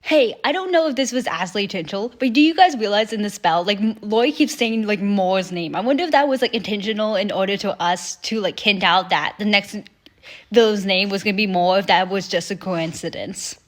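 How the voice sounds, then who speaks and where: A woman hosting a reaction video in casual, chatty commentary, swearing freely and quoting characters in quick asides. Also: mid-range voice, expressive.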